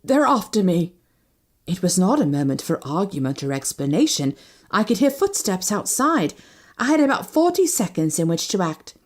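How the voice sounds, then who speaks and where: A woman narrating a first-person novel as an audiobook, reading expressively. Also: moderate pace. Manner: expressive, shifting pitch with each character.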